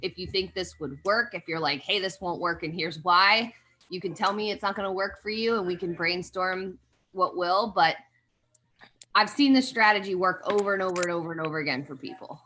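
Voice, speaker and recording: A woman's voice: fairly low pitch, moderate pace, pushed and bright. A woman leading a group fitness coaching call over video chat, talking in an encouraging, conversational way.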